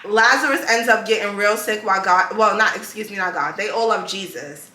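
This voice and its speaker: A woman hosts a podcast, telling stories casually and loosely with slang and laughter in a casual chat. Her medium-pitched voice is fairly quick with a sharp tone, recorded with reverb and slight background noise.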